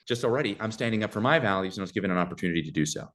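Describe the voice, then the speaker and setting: A young adult man giving casual conversational advice as a podcast guest, animated and acting out little dialogues in shifting voices. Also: on the low side, racing.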